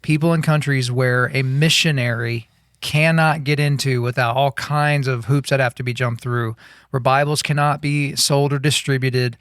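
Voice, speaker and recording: A man's voice: medium pitch, moderate pace, no room sound, studio quality. A man co-hosting a podcast, talking casually about a Bible passage and acting out imagined scenes as he tells them. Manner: animated storyteller, acts out imagined scenes. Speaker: podcast co-host.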